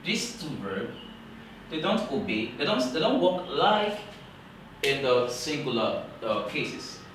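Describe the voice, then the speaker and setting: A man teaching English grammar in a classroom lecture, talking slowly and repeating key points for emphasis. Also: mid-range voice, very animated, fairly bright tone, slight background noise. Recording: very echoey room, voice from far off.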